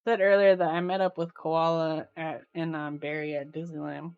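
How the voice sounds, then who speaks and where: A woman's voice: sits low, flat delivery, normal speed, a little mellow, clear, resonant tone, no room sound, muffled recording. A woman live streamer at home, chatting casually with her viewers, with lots of filler "like" and easy laughter. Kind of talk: casual chat while reading live chat.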